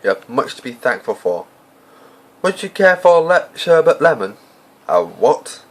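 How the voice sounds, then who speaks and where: A man voicing a calm, gentle old male wizard headmaster in an amateur audiobook reading, speaking in a gentle, unhurried way. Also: medium pitch, pitched above the performer's own voice.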